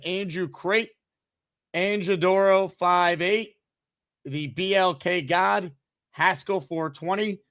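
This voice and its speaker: A man hosts a live sports call-in show, reading giveaways and chatting with callers in a fast, hyped delivery. His voice is bright and forceful and sits a bit high for a man, recorded dry and close. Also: no room sound. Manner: energetic, hyped, fast promo reads. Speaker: sports talk show host.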